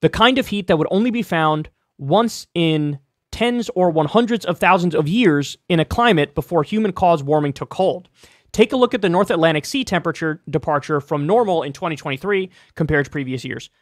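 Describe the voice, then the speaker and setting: A man reading an article aloud and commenting on it in a measured, explanatory way. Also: on the high side, lively intonation, no echo, studio quality. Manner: measured, explanatory, reads aloud and then remarks on it.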